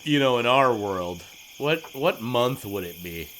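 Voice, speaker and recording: A man's voice: mid-range voice, expressive, unhurried, a bit bright, slight background noise, poor audio. A man playing a tabletop game, rambling and joking with lots of fillers. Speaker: player. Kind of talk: casual tabletop game play.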